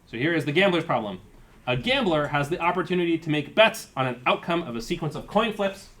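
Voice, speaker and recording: A man's voice: on the high side, animated, fairly quick, fairly bright tone. A man giving a university lecture, explaining terms step by step and thinking aloud with fillers. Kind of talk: live-coded lecture.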